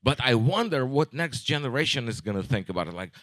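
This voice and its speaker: A man in his forties doing a stand-up comedy set, rambling and deadpan, with halting restarts and profanity. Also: mid-range voice, dry recording. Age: 40s.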